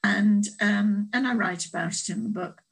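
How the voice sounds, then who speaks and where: A woman's voice: mid-range voice, moderate pace, gravelly, husky, low-quality recording. A woman guest author telling a reflective story in an online talk, hesitant with restarts and wry humour.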